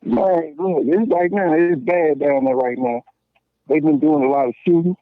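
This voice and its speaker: A man in his late thirties from Memphis, Tennessee, with a Southern accent, a podcast guest telling stories in a blunt, slangy, animated way with lots of restarts. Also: fairly high pitch, normal speed, dry recording. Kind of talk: casual call-in conversation. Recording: tinny dry phone line.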